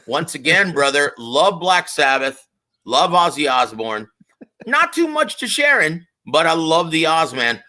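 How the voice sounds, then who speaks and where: A man's voice: a little high, measured pace. A man, a ring announcer and commentator, chatting effusively on a live show with a slight lisp. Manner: effusive, animated, calls people brother. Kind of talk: casual live-stream chat.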